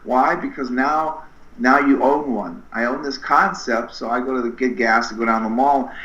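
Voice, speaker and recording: A middle-aged man with a bright, forceful voice tells his stories with lively energy and slips into different voices for the people he quotes. The sound bounces around an echoey room, and the recording is a little muffled. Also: medium pitch, normal speed. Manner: animated, acts out quoted dialogue with shifting voices. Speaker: podcast guest, spinal screener. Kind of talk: energetic storytelling interview.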